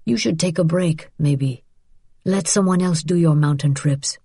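Woman doing a tired old dad voice, gruff, slow and low, dark dry audiobook sound. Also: no echo, heavily acted. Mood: gruff concerned. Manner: weary, low and firm. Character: tired thin elderly Parisian father, gruff. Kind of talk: audiobook character voice.

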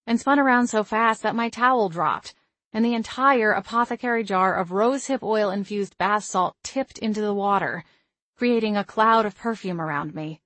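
A woman reading a first-person audiobook with wry, expressive delivery. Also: medium pitch, moderate pace, dry recording. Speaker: audiobook narrator.

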